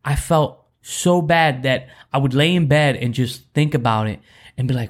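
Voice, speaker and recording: A man's voice: medium pitch, normal speed. Earnest man telling a personal story. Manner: earnest, rambling with many restarts. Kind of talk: candid faith talk, personal story.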